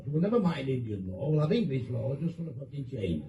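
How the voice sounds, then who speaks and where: Man telling crude jokes in a dark, echoey room. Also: on the high side, animated, a little fast, few pauses, dull audio, slight background noise. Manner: crude, swearing freely, switching voices for characters. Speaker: joke teller. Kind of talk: telling bawdy pub jokes. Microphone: phone video. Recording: echoey room, phone from a distance.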